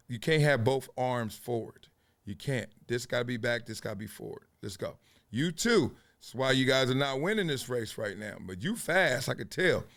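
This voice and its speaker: A man's voice: medium pitch, fairly bright tone. A man hosting a casual sports commentary show, joking and trash-talking, now and then breaking into freestyle rhymes. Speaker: host.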